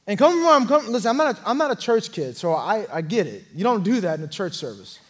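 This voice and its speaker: A young man preaching an earnest sermon testimony, telling his story and swelling louder at key moments. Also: high voice, sing-song, fast.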